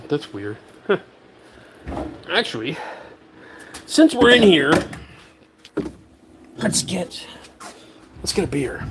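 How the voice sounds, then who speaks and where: Chatty man with a lively voice. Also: fairly high pitch, background noise. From Philadelphia, USA. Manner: chatty, laughs often, trails off and restarts. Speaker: livestream host. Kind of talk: casual livestream chat, reading viewer comments. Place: home garage.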